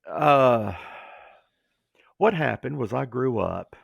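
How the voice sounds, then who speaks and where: A middle-aged man with a deeply gravelly, somewhat husky voice tells his story in an animated way. He slips into the voices of the people he quotes. The sound is dry and close. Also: slow pace, no room sound, muffled recording. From Georgia, USA. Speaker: guest, former pro wrestler. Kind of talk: storytelling interview.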